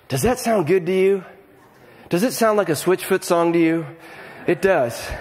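A middle-aged man gives a conversational sermon with animated energy, often repeating words as he starts his sentences. His voice sits a little high for a man. It carries a long reverb from a large church hall. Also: normal speed. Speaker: pastor.

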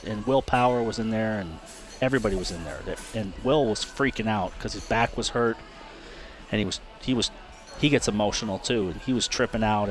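Low-voiced male guest, candid and unpolished, restarts often over faint music. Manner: frank, repeats words and restarts, swears. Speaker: guest, retired race car driver. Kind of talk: candid interview storytelling.

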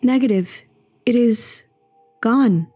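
A woman's voice: fairly high pitch, slow pace, dark tone, husky, soft background music. A woman playing an earnest android woman who speaks stiffly and formally in a tabletop game. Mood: uncertain.

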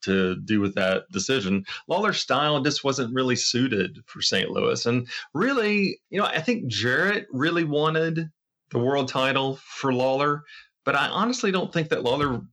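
Bright-voiced male podcast co-host. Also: medium pitch, animated, moderate pace. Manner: storytelling, rambling with many fillers and restarts. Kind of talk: casual chat.

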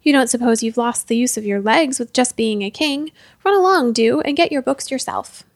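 A brisk, no-nonsense nursemaid teases her charge, as a woman reading aloud puts her on. The voice sits high, recorded dry and close. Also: animated, dry recording.

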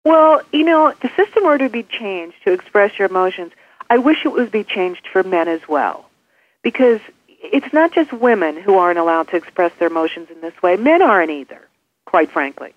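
A woman's voice: mid-range voice, expressive, normal speed, dry recording. Woman advising over a tinny phone line. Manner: practical, gives numbered step-by-step advice. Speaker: author and guest expert. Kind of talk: interview on a call-in line. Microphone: telephone.

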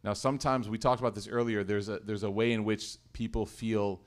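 A man with a fairly low voice tells a heartfelt story and then explains scripture in a relaxed religious discussion. He recites Arabic verses fluently and speaks in an earnest, teacherly way. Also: a little fast. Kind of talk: casual religious talk.

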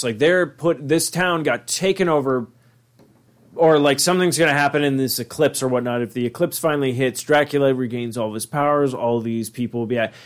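A man in casual podcast chat, excitable and profane, pitching ideas with animated storytelling.

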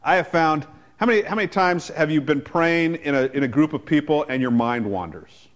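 Male pastor, sermon, chatty and joking, pitched a bit high. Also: brisk. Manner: conversational, joking asides, frequent restarts.

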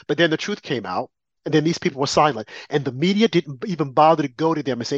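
A man's voice: on the high side, animated, quick pace, dry recording. A man delivering an opinionated commentary monologue, emphatic and repetitive, with mocking asides. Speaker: political commentator. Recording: dry, slightly muffled lo-fi audio.

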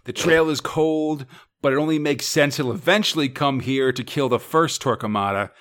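A man's voice: mid-range voice, moderate pace, a bit bright. A man co-hosting a podcast, recapping comic stories in a casual way with playful asides. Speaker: podcast co-host.

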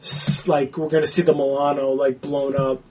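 Blunt, foul-mouthed husky man. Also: mid-range voice, little pitch movement, normal speed, darkish tone. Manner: blunt, swears a lot. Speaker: podcast co-host. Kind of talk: casual movie discussion.

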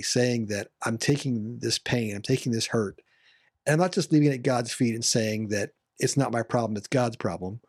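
Reflective man with a husky voice. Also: mid-range voice, a little mellow, dry recording, clean studio sound. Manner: reflective, emphatic. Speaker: discussion panelist. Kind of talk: bible study discussion.

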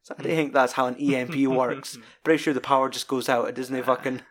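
A man's voice: mid-range voice, fast talker. Scottish man, podcast co-host, loose sweary film talk. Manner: sweary, rambling and animated retelling. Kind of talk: casual film chat.

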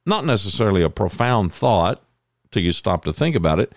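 Deep gravelly man, emphatic monologue. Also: brisk, no room sound, studio quality. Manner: emphatic, builds to higher excited peaks. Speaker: speaker sharing coaching stories. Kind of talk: reflective monologue.

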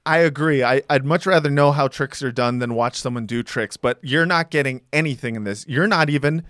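A man's voice: mid-range voice, a little fast, a bit bright, no echo, studio quality. A man on a video call, chatting casually and bluntly, rambling and stammering through restarts. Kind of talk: casual chat.

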